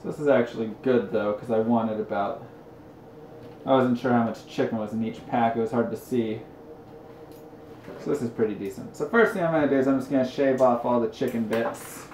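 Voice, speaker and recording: A man's voice: medium pitch, steady tone, fairly quick, a little mellow, a little hiss or hum. A young man casually chatting while cooking on a livestream, telling rambling, self-deprecating stories. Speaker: streamer. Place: home kitchen. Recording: roomy, dull lo-fi stream audio.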